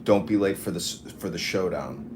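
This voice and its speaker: A man hosting a live audio chat room, reading out listener messages in a dry, deadpan way. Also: sits low, normal speed, noisy background.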